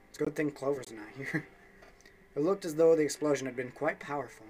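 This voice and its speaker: A man's voice: fairly high pitch, a little fast, a little mellow, slight background noise. A young man reading a game's story text aloud for a let's play, with offhand asides and small slips.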